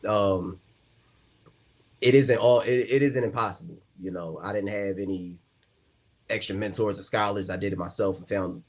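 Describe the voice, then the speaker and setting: An American man appearing as a podcast guest, talking earnestly and a little haltingly. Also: on the low side, steady tone, a little mellow. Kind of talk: casual podcast chat.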